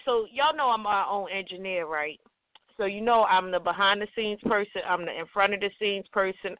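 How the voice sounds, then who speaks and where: A woman's voice: mid-range voice, dry recording. A woman in her thirties hosting her own radio show in a chatty, playful way, teasing herself as she runs through event plans. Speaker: radio host. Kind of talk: casual radio chat. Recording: dry, tinny phone-like sound.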